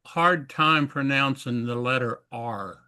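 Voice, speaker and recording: Man class member, very bright tense voice, dry close sound, casual. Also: mid-range voice, slow pace, smooth, dry recording.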